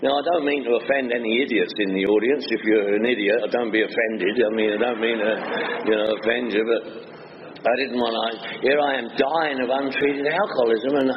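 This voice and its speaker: A man's voice: medium pitch, steady tone, a little fast, background noise. A man with a Northwest London accent, telling his own recovery story to a meeting in a blunt, joking way with rhyming quips. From England. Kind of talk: personal recovery talk. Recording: dull, echoey hall recording.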